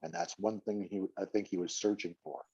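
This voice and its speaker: An older man speaks earnestly and paternally, stumbling and restarting as he goes. His voice is low, gravelly and husky. The call audio is dull and lo-fi. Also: steady tone, darkish tone. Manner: earnest and fatherly, halting restarts. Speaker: call participant. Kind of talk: casual group video call.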